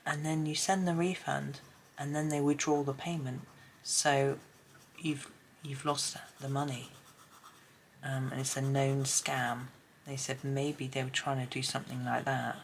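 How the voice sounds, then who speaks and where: A hoarse woman with a chatty, rambling manner talks casually while colouring, often dropping to a near whisper. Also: rumbling low, little pitch movement, unhurried, slight background noise. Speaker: colouring channel host.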